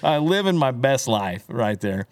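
A country singer telling rambling, animated stories in a casual podcast chat, often tossing in "dude" and "right?". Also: male voice, medium pitch, a little slow, no room sound.

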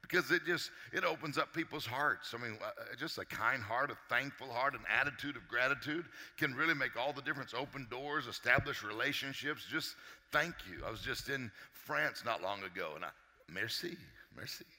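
A man giving an energetic motivational talk to a live audience as a success coach, joking and quizzing the crowd. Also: mid-range voice, fairly quick, in a large hall. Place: large hall with a live audience.

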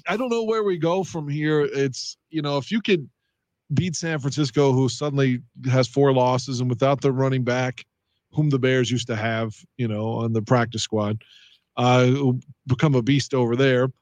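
A man's voice: medium pitch, steady tone, moderate pace, a little mellow, no echo. A man co-hosting a casual sports podcast, talking through games in a wry, conversational way. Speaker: podcast co-host.

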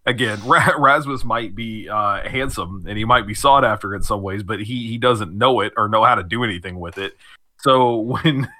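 A man's voice: fairly low pitch, normal speed, bright, forceful tone. A man player in a tabletop game, casually describing his character and chuckling between phrases.

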